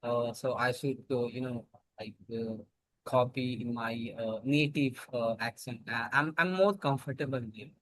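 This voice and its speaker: A man with an Indian accent in a casual English practice chat, halting and searching for his words. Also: mid-range voice, no room sound, poor audio.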